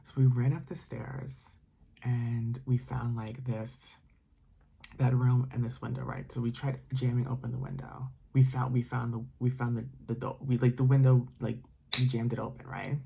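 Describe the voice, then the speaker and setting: A man's voice: mid-range voice, level tone, moderate pace, creaky, dark tone, husky. A man telling a spooky story casually, rambling with many fillers and dropping into whispers. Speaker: storytime narrator.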